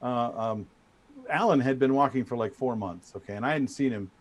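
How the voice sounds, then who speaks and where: A middle-aged man telling a story as a guest in a casual chat, animated and full of restarts. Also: mid-range voice, a little fast. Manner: animated, trash-talking storyteller with many restarts. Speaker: guest speaker.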